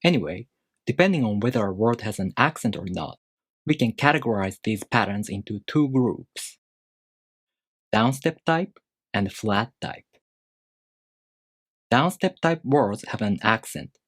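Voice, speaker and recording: A man teaching a language lesson, explaining rules step by step in a measured, scripted way. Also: lowish voice, animated, dry recording, studio quality.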